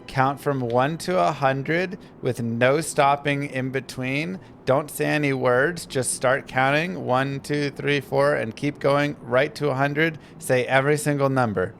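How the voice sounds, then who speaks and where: A man's voice: medium pitch, measured pace, gravelly, hardly any pauses, fairly bright tone, slight background noise. A man streaming a game live, laughing at an AI assistant and pushing it impatiently to do what he asks. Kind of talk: live gameplay stream chat. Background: game music.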